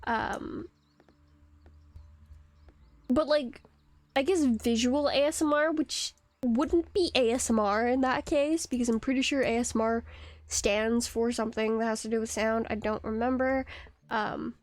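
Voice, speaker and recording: A woman's voice: a little high, a little slow, long pauses, no room sound. A young woman streaming a game, chatting casually, rambling and giggling as she answers her chat. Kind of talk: casual live-stream chat while gaming. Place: home computer setup.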